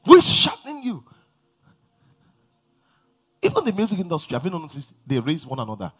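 A man's voice: a little high, wildly swooping pitch, a little fast, a bit bright, husky. A man preaching a sermon to a large church congregation, emphatic and drawing responses from the crowd. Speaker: pastor.

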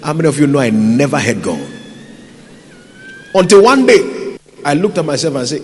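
A man's voice: fairly high pitch, animated, normal speed, pauses often, slight background noise. A man preaching a sermon as pastor, impassioned and calling out to his congregation. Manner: impassioned, rising and falling between loud pleas and quiet asides; calls out to the congregation. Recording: long reverb from a large hall.

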